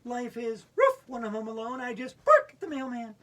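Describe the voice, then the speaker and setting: A woman doing a bouncy excited pet dog. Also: a little high, normal speed, recorded from a distance, pitched above the performer's own voice. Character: playful excited pet dog reciting a poem.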